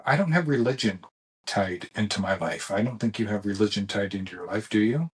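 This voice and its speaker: A man's voice: lowish voice, fairly quick, breathy edge. A middle-aged man co-hosting a podcast, speaking steadily and prompting his partner in casual chat. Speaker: podcast co-host.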